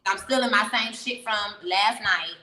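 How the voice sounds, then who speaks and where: A woman telling a story as an interview guest, animated and profane, laughing often. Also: mid-range voice, moderate pace, echoey room, in a large hall, crowd noise, poor audio. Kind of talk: casual storytelling.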